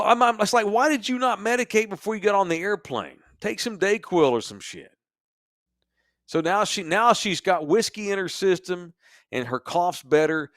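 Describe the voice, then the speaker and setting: A man co-hosting a podcast from a sports bar studio tells crude, comedic stories, profane, animated and mocking. His voice is a little high, recorded on a dry close mic with no room sound.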